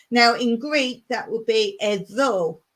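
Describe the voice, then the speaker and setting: A woman's voice: a little high, slow, a bit bright. A woman hosting a casual home livestream, chatting and patiently explaining things while repeating words. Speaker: livestream host. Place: home in rural Cyprus.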